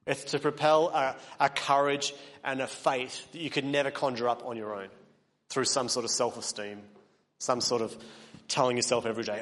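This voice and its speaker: A man preaching a sermon, earnest, building to emphatic peaks and then dropping quiet. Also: mid-range voice, flat delivery, normal speed, in a large hall. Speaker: pastor.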